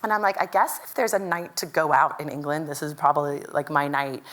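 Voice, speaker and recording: A woman's voice: low voice, brisk. Chatty American woman giving a keynote. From Louisville, Kentucky. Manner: chatty, lively, quotes people in animated voices. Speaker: keynote speaker. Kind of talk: conference keynote storytelling.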